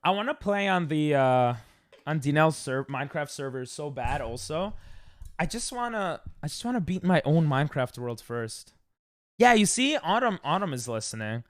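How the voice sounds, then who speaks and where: A man's voice: on the high side, very animated, moderate pace, no room sound. Chatty young male streamer, dry close mic. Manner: rambling, loud yelps when dying in game. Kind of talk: casual live-stream chat while gaming.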